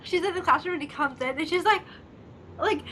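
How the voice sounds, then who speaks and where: A young woman with a very high-pitched, brisk voice co-hosts a drama discussion channel, chatting casually and giggling as she acts out scenes in quoted voices. The background is noisy.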